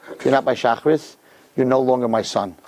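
A man's voice: medium pitch, fairly quick, a little mellow, slight background noise, close to an everyday voice. A man putting on the voice of his stern, uncompromising middle-aged father, issuing curt, firm ultimatums.

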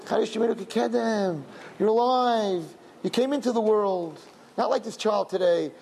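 Rabbi guy giving a sermon, raspy voice, repeats himself, gets worked up. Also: sits high, normal speed. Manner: emotional, animated storytelling with repetitions.

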